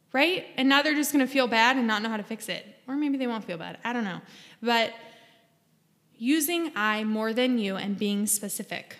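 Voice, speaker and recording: A woman with a fairly high voice talks straight to her listeners in an earnest, coaching way, leaning on key words. Her voice rings out with a long reverberant tail, as if she is in a bare room. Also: a bit bright. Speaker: podcast host. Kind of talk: casual advice monologue.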